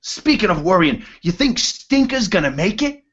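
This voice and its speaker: A man's voice: sits high, big pitch swings, normal speed, fairly bright tone, muffled recording, slight background noise, pitched above the performer's own voice. A man voicing a cheeky male duergar underling who teases his boss in a tabletop game. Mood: teasing.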